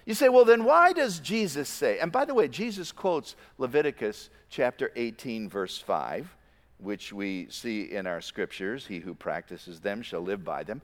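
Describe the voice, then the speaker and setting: A man preaching a sermon as a pastor, with emphatic stresses that drop into quiet, low asides. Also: big pitch swings, measured pace, in a large hall.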